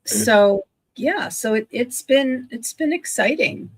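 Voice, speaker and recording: A woman's voice: a little high, lively intonation, takes it slowly, slightly rough. A woman in her sixties chatting on a video call about her online business, talking enthusiastically and often restarting her sentences. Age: 60s. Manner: chatty, self-correcting, enthusiastic. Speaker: guest, online business owner. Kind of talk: casual livestream chat.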